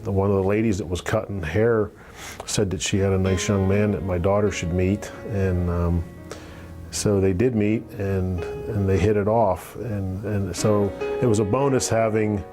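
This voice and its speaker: Low-voiced man with guitar music behind. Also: steady tone. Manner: rambling, halting with many fillers and restarts. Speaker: patient giving a testimonial. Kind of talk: testimonial interview. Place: office. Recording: guitar music playing clearly underneath.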